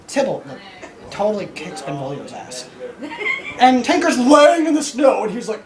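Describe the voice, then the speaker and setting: A man telling a comic story to the camera, excitable, laughing through his lines and acting out what people said. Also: sits high, moderate pace, a crowd in the background. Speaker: vlogger.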